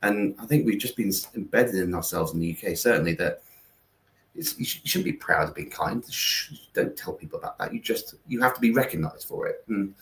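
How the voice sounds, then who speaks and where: A man's voice: deep voice, animated, fairly quick, a bit bright, echoey room. A man, a guest telling stories in a rambling interview full of fillers and restarts over a video call. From England. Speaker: guest, founder of a kindness platform. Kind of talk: conversational interview, storytelling.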